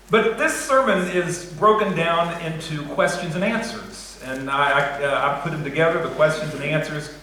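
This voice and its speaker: A man's voice: mid-range voice, pushed and bright. A man preaching a sermon as pastor, conversational and joking with the congregation, in a church sanctuary. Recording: echoey church hall, faint noise.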